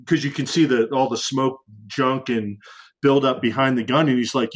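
A man's voice: mid-range voice, brisk, rough recording. A man, a former military pilot, telling a story in casual conversation, acting out radio calls in a raised voice. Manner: frequent fillers and restarts, conversational. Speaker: former fighter pilot guest.

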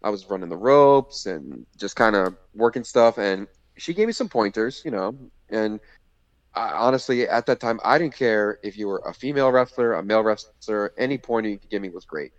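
A man with a lowish voice tells a story in loose, rambling podcast chat, full of "you know" and "like". His voice sounds dry and a little muffled, as if through a dull lo-fi recording. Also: lively intonation, normal speed, no room sound. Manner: rambling, many fillers and restarts. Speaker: podcast guest, former indie wrestler. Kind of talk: casual storytelling. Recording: slightly muffled lo-fi audio.

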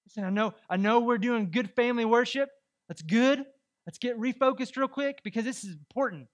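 A male pastor with a very high-pitched voice preaches a little fast. His sermon is animated and conversational, brimming with rhetorical questions to the congregation.

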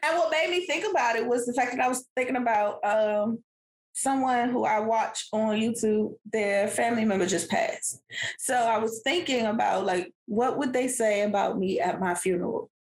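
A woman, casually telling a family story as a podcast co-host, animated and laughing often. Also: on the high side, moderate pace. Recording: echoey room.

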